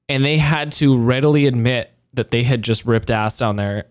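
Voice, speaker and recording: A man's voice: medium pitch, normal speed. A man co-hosting a podcast in casual chat, telling stories animatedly, laughing often and swearing freely. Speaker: podcast co-host.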